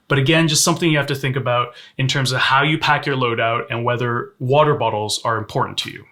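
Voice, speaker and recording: A man's voice: medium pitch, sharp tone. A man reviewing a sling bag in a casual, candid way, showing its features as he talks. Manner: conversational, candid, demonstrating gear on camera. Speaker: gear reviewer.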